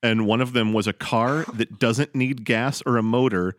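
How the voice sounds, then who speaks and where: A man's voice: medium pitch, steady tone, moderate pace. A man chatting casually, joking outrageously and laughing often. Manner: goofy, laughs a lot, outrageous jokes. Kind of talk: casual chat.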